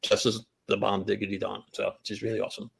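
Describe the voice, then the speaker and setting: A man's voice: on the low side, little pitch movement, fast, vocal fry, husky. A man co-hosting a casual talk show, rambling through joking anecdotes. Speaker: podcast co-host. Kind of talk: casual chat, storytelling.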